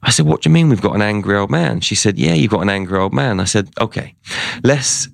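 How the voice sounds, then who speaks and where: A low-voiced man with a gravelly edge, speaking as an interview guest. He tells a story casually and acts out the words of the people in it. The sound is dry and close. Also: lively intonation, fast, dry recording.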